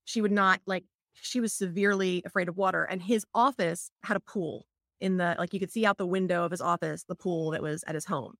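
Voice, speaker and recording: A woman's voice: on the low side, fairly even intonation, a little fast, a bit bright, dry recording, studio quality. A middle-aged woman, an EFT practitioner, chatting casually and telling stories with lots of "like" fillers. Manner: chatty, many "like" fillers, storytelling. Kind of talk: casual explanatory chat.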